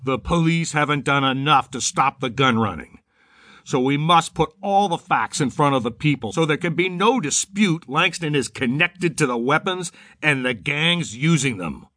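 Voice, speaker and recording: A narrator playing a bellowing newspaper publisher. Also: male voice, on the high side, expressive, normal speed, dry recording, studio quality, pitched above the performer's own voice. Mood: commanding. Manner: bellowing, forceful rant. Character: gruff male newspaper publisher, blustering and angry.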